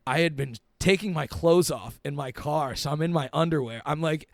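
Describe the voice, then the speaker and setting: A man's voice: fairly high pitch, moderate pace, gravelly, no echo, clean studio sound. A young man, a comedian and podcast guest, telling a long story in a laid-back, profane way. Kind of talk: casual storytelling.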